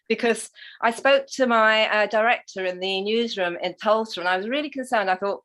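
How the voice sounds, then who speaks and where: A woman with an English accent, a guest on a video call, telling her story in a lively way and laughing often. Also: a little high, brisk. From England. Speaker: guest, Rotary leader. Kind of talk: conversational interview.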